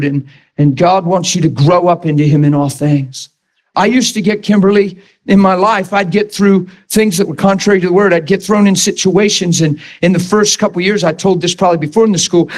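A man preaching a sermon, teaching steadily and then building to impassioned, shouted declarations. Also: sits high. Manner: impassioned, rising to shouts when quoting himself.

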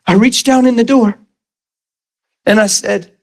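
A man's voice: very high-pitched, unhurried, creaky. A middle-aged man preaching a sermon, telling a personal story and acting out the voices in it. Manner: animated storyteller, acts out voices, laughs.

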